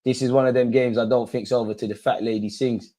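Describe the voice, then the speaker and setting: A young man hosting a football watch-along, reacting live to the match in a slangy, excitable way and pleading with the players. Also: medium pitch, fast talker. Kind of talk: live reactive commentary to viewers.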